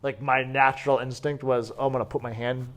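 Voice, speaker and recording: A man's voice: mid-range voice, flat delivery, a little fast, a bit bright. Chatty man telling stories in an interview. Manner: chatty, frequent "like" fillers and restarts. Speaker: wrestler guest. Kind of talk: casual interview storytelling. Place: sit-down interview at a university.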